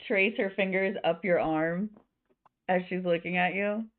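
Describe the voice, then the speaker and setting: A woman's voice: fairly low pitch, fairly even intonation, measured pace. A woman narrating as game master of a tabletop game, describing scenes loosely with many fillers. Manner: rambling descriptions full of fillers. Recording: tinny phone-like online call.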